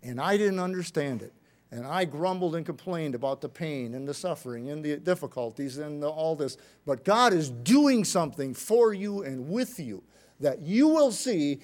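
A man preaching a sermon, with an emphatic delivery that rises loud and drops low. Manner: emphatic, rising and falling delivery.

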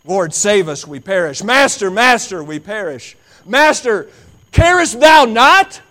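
A man preaching who voices panicked male disciples crying out for rescue in a storm, shouting high and frantic. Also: very animated, unhurried, exaggerated voice. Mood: panicked pleading.

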